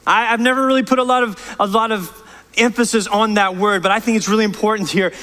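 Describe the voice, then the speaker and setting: A man's voice: sits high, steady tone, quick pace, bright, forceful tone, long reverb tail. A man preaching as pastor, impassioned and emphatic, often repeating and restarting words. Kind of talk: sermon. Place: church sanctuary.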